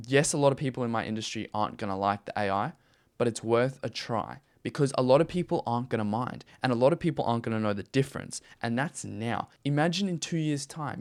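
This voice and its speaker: A man hosting a talk video and giving sales advice straight to the listener. He speaks emphatically, repeats his points and often checks in with "okay?" and "right?". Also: mid-range voice. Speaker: YouTube host and AI consultant.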